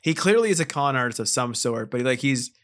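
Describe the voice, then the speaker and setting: A man's voice: medium pitch, expressive, fairly quick, fairly bright tone. A man co-hosting a podcast in casual chat, making sarcastic jokes and swearing casually. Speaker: podcast co-host. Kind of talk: casual chat recapping a film.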